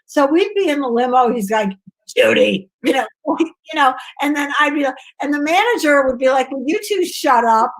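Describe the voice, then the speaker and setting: A woman's voice: sits high, a little fast, few pauses, low-quality recording. A woman comedian, the guest, telling stories in casual interview chat and acting out other people's voices. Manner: animated storyteller who acts out voices.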